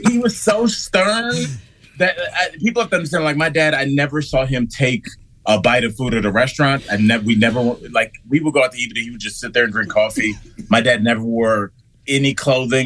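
A man's voice: mid-range voice, fairly bright tone. A man calling in to a radio show over video, telling rambling stories with many restarts and laughs. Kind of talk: casual radio banter.

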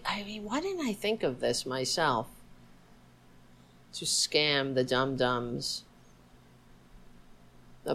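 A woman's voice: low voice, a bit bright, poor audio. A woman hosting a casual political livestream, sarcastic and profane, chatting to her dog between topics. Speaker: livestream host.

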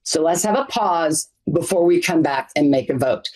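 Low-voiced, earnest woman advocate. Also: animated, moderate pace, darkish tone, slightly rough, poor audio. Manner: earnest, emphatic, piles up lists. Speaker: interview guest, community advocate. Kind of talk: news interview answers.

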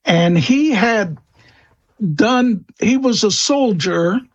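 A man answering interview questions about old folklore, slow and hesitant, with many fillers and restarts. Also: high voice, animated, lo-fi sound. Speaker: guest expert on vampire lore.

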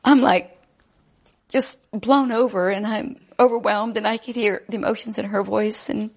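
A woman in an interview recalling a phone call, acting out both sides in an animated way. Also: mid-range voice, normal speed. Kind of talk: interview recollection.

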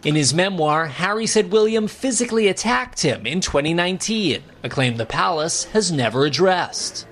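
A man with a high voice narrates a scripted TV news report. His reading is measured and formal. A faint ambient hiss sits behind him. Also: expressive, fairly bright tone. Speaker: news correspondent.

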